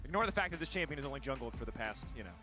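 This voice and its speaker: Fast-talking male esports caster. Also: medium pitch, lively intonation, over music. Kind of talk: play-by-play commentary.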